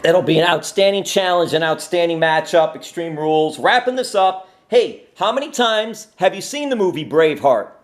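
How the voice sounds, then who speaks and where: An upbeat male interview host with a high voice, chatty and quick to laugh. He keeps the conversation friendly and moving. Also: lively intonation. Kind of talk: casual interview.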